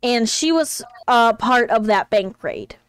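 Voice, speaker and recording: A woman's voice: a little high, expressive, unhurried, smooth, no echo. Chatty woman streamer explaining a game. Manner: chatty, explains the story with fillers. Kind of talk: casual gameplay chat.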